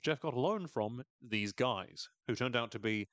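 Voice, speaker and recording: A man's lively, slightly bright mid-range voice moves at a normal pace with no room sound as he recaps a TV episode on his podcast. The chat is casual and wry, full of laughter and quotes delivered in funny voices.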